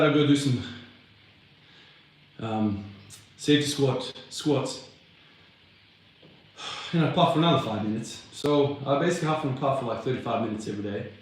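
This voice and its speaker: A man's voice: medium pitch, normal speed, pauses often, distant mic. Winded young man in an echoey garage. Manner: laid-back, swearing, chatty and rambling. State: out of breath from lifting. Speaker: fitness vlogger. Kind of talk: casual chat between sets, answering live comments. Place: home garage gym.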